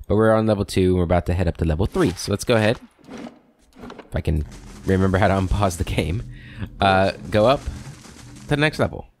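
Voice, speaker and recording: Deep-voiced man casually narrating gameplay. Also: a little fast, long pauses, slight background noise. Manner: relaxed, meandering, thinks aloud. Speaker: let's play host. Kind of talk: casual gameplay commentary and reading game text aloud.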